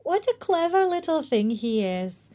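A woman voicing a homely, motherly ghost woman from the countryside with a warm country voice, sounding dubious in a storybook reading. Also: sits high, very animated, measured pace, voice pushed up. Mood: doting.

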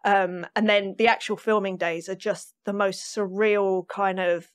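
A woman drummer, a podcast guest, telling stories in a lively, chatty way and laughing often. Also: medium pitch, measured pace. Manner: animated storytelling, laughs often. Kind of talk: casual interview chat.

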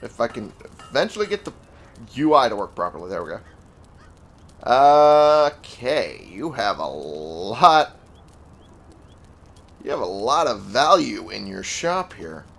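A man hosting a gaming video chats and jokes through casual let's-play commentary, his pitch jumping animatedly. He talks fairly quickly with a creaky voice, and there's slight background noise.

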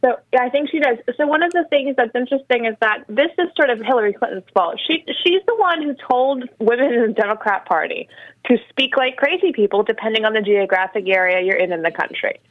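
A female co-host speaks in steady, opinionated commentary with a slightly high voice. The sound is dull and muffled, like a line with no room echo. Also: brisk. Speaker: radio co-host. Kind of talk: casual political talk radio.

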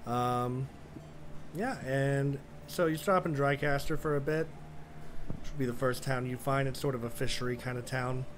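A laid-back man narrating a tabletop adventure as game master, easygoing and casual. His voice sits at a middle pitch with a faint hum behind it. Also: moderate pace. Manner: relaxed, casual with fillers.

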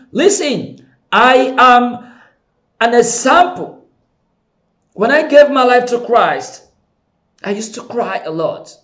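A middle-aged male pastor preaching a sermon with passion, dropping to soft pleading and rising to shouts. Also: sits high.

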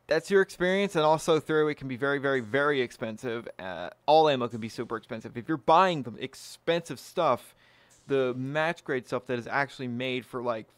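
A man's voice: mid-range voice, fairly bright tone, no room sound. A man hosting his own firearms channel, talking casually and bluntly to camera, swearing freely and pleased with himself. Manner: blunt, profane, self-satisfied.

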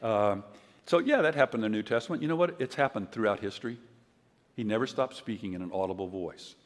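An older man giving a conference sermon, telling stories in a conversational way and acting out quotes loudly. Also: lowish voice, quick pace. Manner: conversational storytelling, loud acted quotes. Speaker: preacher. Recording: long hall reverb.

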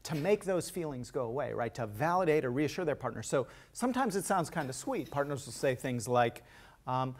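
A man professor presenting a talk on relationship research in a clear, explanatory manner. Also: mid-range voice, sing-song, a little fast. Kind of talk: scripted talk on couples' health.

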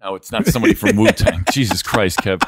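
Low-voiced New podcast host. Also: male voice, fast, breathy edge, no room sound, clean studio sound. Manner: joking, deadpan reactions. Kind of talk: casual chat.

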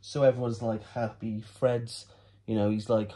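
A man's voice: fairly low pitch, normal speed, warm tone. A man giving a comic, rambling book recap as a vlogger. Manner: rambling, playful, silly asides.

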